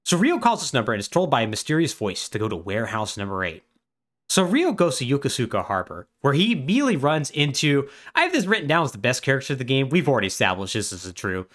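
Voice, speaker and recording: A man co-hosting a podcast, retelling a game's story in animated, casual chat full of "like". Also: medium pitch, quick pace. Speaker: podcast co-host.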